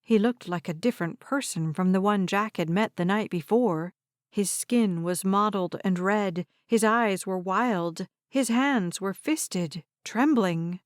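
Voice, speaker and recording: A woman narrating a novel in a measured, deliberate way. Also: mid-range voice, dry recording, clean studio sound. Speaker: audiobook narrator. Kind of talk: scripted narration.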